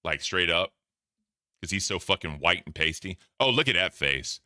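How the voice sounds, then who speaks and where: A man's voice: deep voice, animated, moderate pace, pushed and bright, no room sound, studio quality. A man reacting to clips for his stream chat in casual, profane commentary. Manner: profane, laughing, talks to chat.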